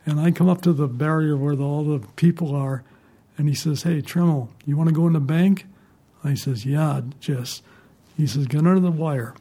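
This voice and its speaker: A man's voice: a little high, moderate pace, dark tone, husky. An older man, a retired newspaper reporter, telling rambling stories in an interview. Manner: rambling, chuckling anecdotes. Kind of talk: storytelling in an interview.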